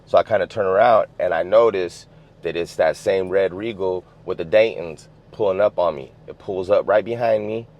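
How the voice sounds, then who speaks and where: A West Coast American man talks at normal speed in a low-pitched voice, telling a story in loose street slang, swearing freely and padding his lines with "you know what I'm saying." It's captured with dull lo-fi sound.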